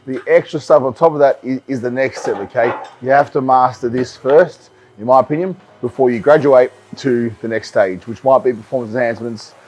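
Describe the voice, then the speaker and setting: A man who is a bodybuilder and coach, talking casually to the camera in a vlog, explaining things in a relaxed way with frequent ums and repeated words. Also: medium pitch, fairly quick, hardly any pauses, slight background noise.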